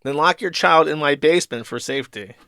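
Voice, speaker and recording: An irate old redneck man rants with disgusted indignation from his truck, put on by a man reading a comic aloud. The voice stays smooth and clear. It is recorded dry and close, with no room sound. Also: on the high side, a little fast, bright, forceful tone, dry recording. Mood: ranting. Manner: indignant ranting.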